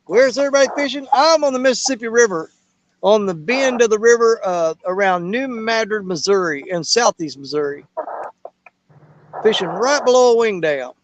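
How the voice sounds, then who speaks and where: A man with a notably high voice hosts a casual fishing panel outdoors by a river in the evening. He is still short of breath and talks in a loose, folksy ramble. His phone picks up a faint outdoor wash behind him. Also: lively intonation, normal speed, highs cut off, slight background noise. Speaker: host of a live fishing panel. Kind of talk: casual live-stream chat.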